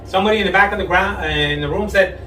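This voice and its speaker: A man doing a stand-up comedy set on a club stage, telling jokes in a deadpan way and pitching his voice up when he quotes people. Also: rapid-fire. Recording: echoey club audio from far off, with crowd. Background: audience laughter and room noise.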